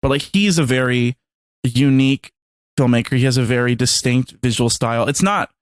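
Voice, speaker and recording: A man's voice: mid-range voice, moderate pace, clear, resonant tone, no room sound. A man co-hosting a movie podcast in casual chat, rambling, swearing often and acting out scenes. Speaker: podcast co-host.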